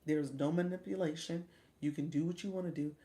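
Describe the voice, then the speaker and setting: This woman's low-pitched voice is steady and dark, and she speaks fairly quickly. She's a coach hosting a casual livestream, chatty and encouraging, addressing her viewers directly, saying y'all and mimicking voices.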